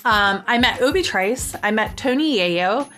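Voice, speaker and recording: Chatty higher-voiced woman telling a story. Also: expressive, measured pace, fairly bright tone, soft background music. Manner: rambling, full of "um" and "like". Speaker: podcast host. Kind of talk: casual storytelling monologue.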